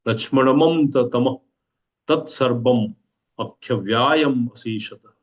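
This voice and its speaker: A man's voice: mid-range voice, measured pace, muffled recording, close to an everyday voice. An Indian-accented man speaking as an abducted princess, pleading and urgent in a somewhat raised voice.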